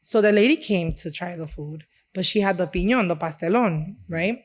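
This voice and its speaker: A woman's voice: on the low side, normal speed. A woman from Chicago, a chef and restaurant owner, talking in conversation and acting out the dialogue in her stories. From Chicago, United States. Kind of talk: conversational storytelling.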